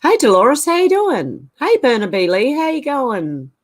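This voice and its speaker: A woman's voice: sits high, huge pitch swings, unhurried. A woman hosting a casual livestream, reading out viewer comments and thinking aloud with hesitant asides. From Australia.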